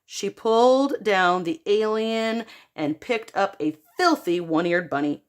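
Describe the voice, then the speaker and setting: A woman who teaches art reads a children's picture book aloud in an animated storytelling manner and talks directly to her young students. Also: medium pitch, takes it slowly, hardly any pauses.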